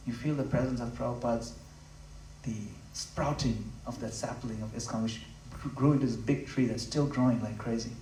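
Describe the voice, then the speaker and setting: A man giving a devotional talk at a home gathering, impassioned and conversational, swinging from loud emphatic peaks to low, intimate asides. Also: fairly even intonation, slight background noise. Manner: conversational, acts out quick voices of listeners. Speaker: spiritual speaker. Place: room in a home. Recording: roomy, from a distance.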